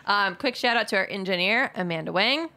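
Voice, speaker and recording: A woman's voice: mid-range voice, animated, brisk, pushed and bright. A young woman hosting a radio show in a studio, chatting casually and laughing often. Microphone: studio microphone.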